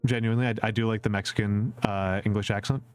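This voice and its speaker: A VTuber streamer from the Upper Midwest of the US answers viewer questions on a live stream, rambling, repeating himself, using lots of fillers and chuckling at his own jokes. His fairly low voice is clear and resonant, quick and fairly even, with faint music behind.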